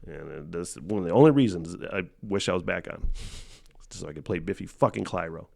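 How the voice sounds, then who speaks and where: Profane, ranting American podcast host. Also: male voice, low voice, brisk, creaky, darkish tone. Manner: profane, ranting, laughs often. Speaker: former rock radio DJ. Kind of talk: casual reaction commentary.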